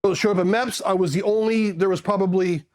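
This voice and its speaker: A middle-aged man from California recounts his past in a relaxed, casual way. His voice sits rather high for a man. He brings his anecdotes to life with little acted-out voices. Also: quick pace. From South Pasadena, California. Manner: animated, acts out voices in his anecdotes and laughs often. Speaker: Marine Corps veteran. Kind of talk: casual storytelling.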